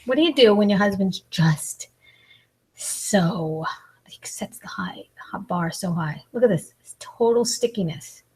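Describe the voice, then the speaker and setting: A woman's voice: mid-range voice, expressive, a little slow, a little mellow, slightly rough, poor audio. A woman in her forties, a comedian chatting casually and mocking herself as she eats on a live video. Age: 40s. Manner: chatty, self-mocking, complaining. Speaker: comedian and mukbang vlogger. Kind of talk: casual chat while eating.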